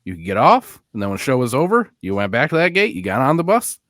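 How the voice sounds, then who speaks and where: A man's voice: mid-range voice, very animated, fast talker, a bit bright, no echo, studio quality. A man co-hosting a podcast, telling a story in casual chat and laughing at his own punchlines. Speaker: podcast co-host.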